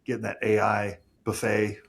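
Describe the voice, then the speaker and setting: Husky, blunt-talking man. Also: lowish voice, completely flat delivery, moderate pace. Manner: blunt, emphatic, swears casually. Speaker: agency owner. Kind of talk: casual podcast conversation.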